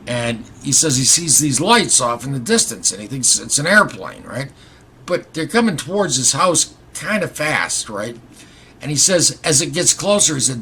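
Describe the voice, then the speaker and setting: A man's voice: mid-range voice, fairly bright tone, a little hiss or hum. A middle-aged man vlogging, telling a long story in a rambling, wry, conversational way and acting out the quoted dialogue. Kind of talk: casual storytelling to camera.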